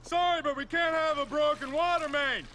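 An actor playing a blunt, defensive city worker pony with a brusque, pushy manner. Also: male voice, extremely high pitch, fairly even intonation, normal speed, sharp tone, slight background noise. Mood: gruff.

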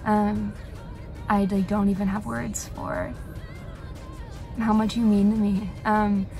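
Flat, gravelly young woman, earnest. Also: mid-range voice, takes it slowly, soft background music. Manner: earnest, searching for words. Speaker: friend sending a birthday message. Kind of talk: heartfelt recorded birthday message.

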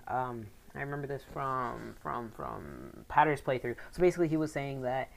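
A woman giving casual let's play commentary, rambling with excitable outbursts. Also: rumbling low, normal speed, gravelly. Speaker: gaming commentator.

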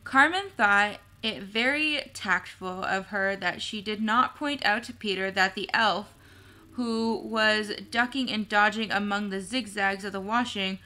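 Slow, bright-voiced woman reading aloud. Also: medium pitch. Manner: slow, careful, small slips and self-corrections. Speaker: storybook reader.

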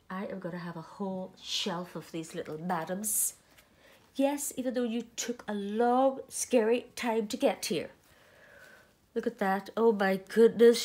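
A woman's voice: on the high side, a little mellow. A middle-aged woman with an Irish accent, chatting casually while unboxing dolls, gasping and gushing with delight. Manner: gushing, gasping, exclaiming "oh my goodness". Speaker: doll collector vlogger.

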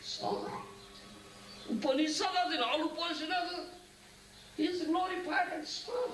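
A man's voice: very high voice, a little slow, fairly bright tone. An older man gives a devotional lecture, often asking "Huh?" and "Isn't it?" and chanting Sanskrit verses. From India. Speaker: spiritual teacher. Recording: echoey room, mic at a distance, faint hiss.

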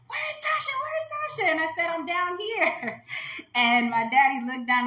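A woman's voice: mid-range voice, sharp tone, roomy sound, low-quality recording. A woman hosting a jewelry live stream, talking to viewers in a heartfelt, chatty way. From United States. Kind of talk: casual live-stream talk.

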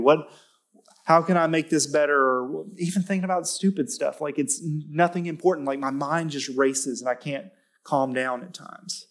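A pastor with a fairly high voice preaches a sermon in a church at a moderate pace and in a steady tone. He talks conversationally, with self-corrections and restarts, then rises into emphatic, lifted stretches to stress a point.

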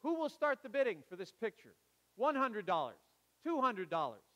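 A man doing a loud, insistent auctioneer. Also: high-pitched, sing-song, normal speed, voice pushed up, exaggerated voice. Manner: calling bids loudly, persistent. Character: insistent male auctioneer at an estate sale.

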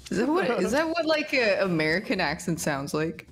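A woman in a casual gaming chat, wry and a bit confused, with quick giggles. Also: medium pitch, very animated, a bit bright. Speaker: streamer guest. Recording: faint background music.

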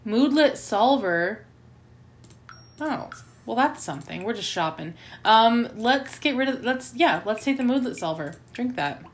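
A woman's voice: fairly high pitch, lively intonation, unhurried. A woman hosting a let's play, giving chatty gameplay commentary and getting easily flustered and melodramatic.

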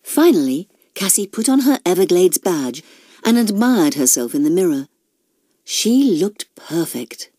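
Slow, expressive woman reading a storybook. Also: on the low side, husky, no room sound, studio quality. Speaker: narrator. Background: background music.

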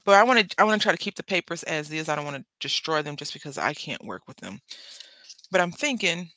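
Crafting on camera, a papercraft channel host with school-age children talks in a rambling, chatty way, interrupting themself as they go. The mid-range voice is animated, fast and sharp-toned, in a dry recording.

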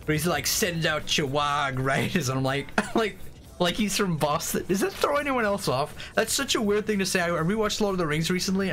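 A man livestreaming a strategy game, chatting casually and excitably with frequent swearing and rambling asides. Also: fairly high pitch. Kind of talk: casual gameplay commentary. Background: faint game music.

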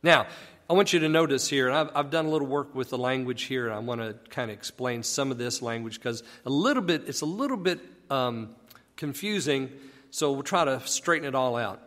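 A man's voice: medium pitch, brisk, fairly bright tone. A man casually teaching a Bible passage, explaining conversationally and asking rhetorical questions. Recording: long echoey reverb.

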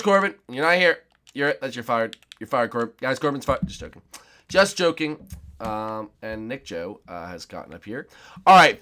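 A young man giving let's play commentary on a game, excitable and often shouting and squealing. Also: medium pitch. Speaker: gaming YouTuber.

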